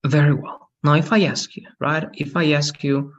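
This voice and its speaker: A man's voice: mid-range voice, moderate pace, vocal fry, dull audio. A man teaching an English lesson on a video call, patient and often checking in with "right?".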